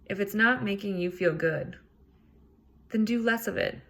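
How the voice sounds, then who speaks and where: A woman talks straight into her home podcast mic, hosting her own show. Her delivery is casual and earnest, and the swearing comes easily. Her pitch sits right in the middle for a woman. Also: unhurried, vocal fry, a bit bright. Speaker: podcast host. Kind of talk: solo self-help podcast talk.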